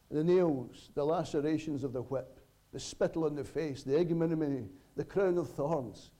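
Very dark-voiced man preaching a sermon. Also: medium pitch. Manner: earnest, with dramatic pauses and sudden swells and drops in volume.

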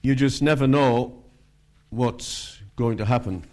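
A man preaching, telling street-evangelism stories in a lively way. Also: medium pitch, slow pace. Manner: animated, acts out quoted voices. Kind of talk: sermon with storytelling.

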